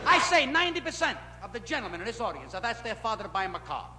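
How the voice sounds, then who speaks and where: A man doing a stand-up routine at a nightclub, telling punchy stories in a voice that jumps in pitch and loudness. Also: sing-song, very fast. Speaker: stand-up comedian. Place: nightclub stage. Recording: echoey club, scratchy 1960s film audio. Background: audience laughter.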